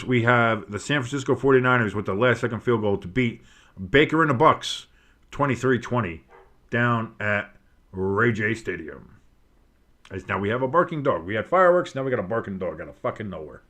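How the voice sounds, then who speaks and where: A man's voice: medium pitch, a bit bright. Tired man calling football plays at home. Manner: casual, breaks off the play calls into asides and scores. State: tired, yawning. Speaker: play-by-play commentator. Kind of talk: home-made live game commentary. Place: home studio with a dog and fireworks outside.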